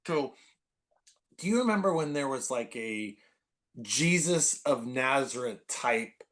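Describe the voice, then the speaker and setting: A man in his forties from the Bay Area, a podcast guest telling stories in an animated, rambling way full of "like". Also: medium pitch, slow, background noise. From San Francisco Bay Area. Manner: animated, filler-heavy, constant "like". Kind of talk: casual storytelling chat.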